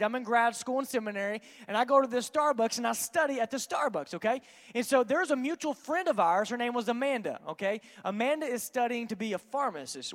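A man, a pastor telling an animated, joking story to his congregation during a sermon. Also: high voice, long reverb tail. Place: church sanctuary.

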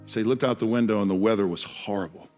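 Male preacher, sermon storytelling, earnest and plain, repeats words, soft music behind. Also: lowish voice, quick pace. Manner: earnest, repeats words when starting phrases.

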